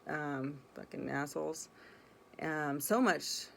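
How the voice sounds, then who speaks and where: A woman's voice: low voice, slow pace, gravelly. A woman telling a personal story in a casual, rambling way, blunt and swearing freely. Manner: rambling, self-correcting delivery.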